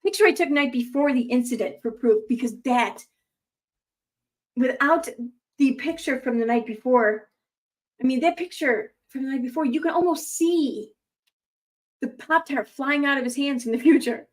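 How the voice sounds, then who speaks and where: A woman's voice: high voice, moderate pace. A young adult woman reading online posts aloud and adding rambling, sarcastic commentary full of fillers.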